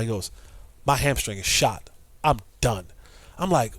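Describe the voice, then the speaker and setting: A middle-aged man telling a story with lively energy, acting out quotes and repeating himself as he goes. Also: on the high side, a little fast, no room sound. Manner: excitable storyteller, acts out quotes, repeats words. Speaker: podcast guest, former player. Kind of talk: animated storytelling.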